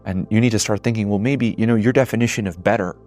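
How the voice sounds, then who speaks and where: A man's voice: fairly low pitch, quick pace, a little mellow, soft background music. A man in his twenties giving an earnest, reflective monologue, swearing casually at times. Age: 20s. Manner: earnest, builds to emotional intensity. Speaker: speaker.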